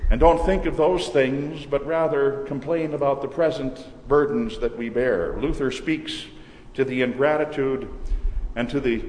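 A pastor delivering a sermon in a measured, earnest way, slowing down to stress key words. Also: male voice, medium pitch, a little mellow. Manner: measured, earnest preaching with slowed emphasis. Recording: echoey church hall with long reverb.

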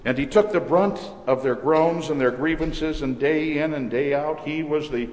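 A pastor delivering a sermon in a measured, earnest way, slowing down to stress key words. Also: male voice, a little high, a little mellow. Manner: measured, earnest preaching with slowed emphasis. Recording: echoey church hall with long reverb.

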